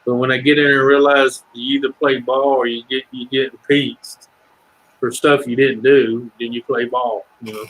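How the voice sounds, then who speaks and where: Middle-aged man, Southern US accent, husky, casual rambling livestream chatter. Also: mid-range voice, flat delivery, normal speed, fairly bright tone, low-quality recording. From Ohio. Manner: rambling, swears freely, breaks into singing lines. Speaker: livestream chat guest. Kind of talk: casual chat.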